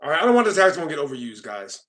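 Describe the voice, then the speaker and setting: A man's voice: a little high, very animated, racing, fairly bright tone. A man hosting a livestream, casually chatting with callers and teasing them in a mock-furious way, repeating his lines and calling people "bro". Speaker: livestream host.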